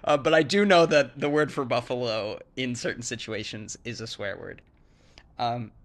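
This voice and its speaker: A man's voice: mid-range voice, creaky, a bit bright. A man casually explaining language sounds in a rambling way, full of "like"s, restarts and demonstrations. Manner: rambling, filler-heavy, with many "like"s and restarts; acts out word sounds to demonstrate. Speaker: English-speaking foreigner explaining Thai sounds. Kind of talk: casual chat.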